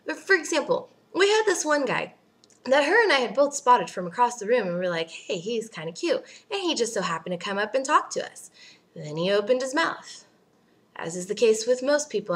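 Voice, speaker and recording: A young woman ranting in a casual vlog, animated and exasperated, swearing freely. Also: mid-range voice. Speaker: vlogger.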